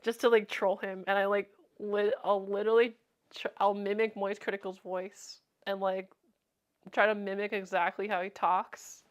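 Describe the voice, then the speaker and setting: A woman's voice: medium pitch, little pitch movement, normal speed, clear, resonant tone. A young woman streamer chatting casually, rambling with lots of fillers and frequent laughter. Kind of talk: casual chat.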